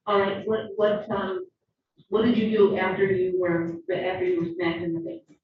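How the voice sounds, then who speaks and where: A woman questioning a witness in a courtroom, measured and probing. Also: lowish voice, fairly even intonation, a little hiss or hum. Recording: echoey, distant, dull courtroom audio.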